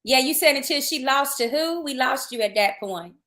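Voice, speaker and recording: Woman podcast host, upbeat and chatty, highish bright voice, echoey room. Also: animated, moderate pace. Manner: chatty, upbeat, loose restarts. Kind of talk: casual podcast chat and event promo. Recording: roomy echoey sound.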